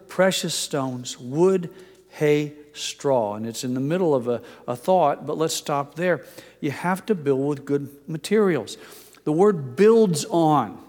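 A man's voice: fairly high pitch, expressive, takes it slowly, a little mellow. An older man preaching a sermon, telling a personal story in a conversational, self-deprecating way. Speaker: pastor. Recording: long hall reverb.

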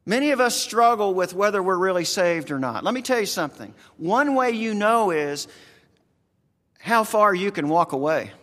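A man's voice: sits high, lively intonation, moderate pace, a bit bright, big-room sound. A man with a rural American accent preaching a conversational sermon, earnest and folksy, talking straight to his congregation.

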